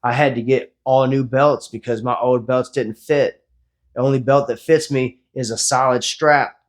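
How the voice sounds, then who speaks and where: After a workout, a man in his forties, a fitness vlogger, delivers a foul-mouthed, no-nonsense motivational talk to his viewers. His average-pitched voice stays fairly even in intonation at a moderate pace.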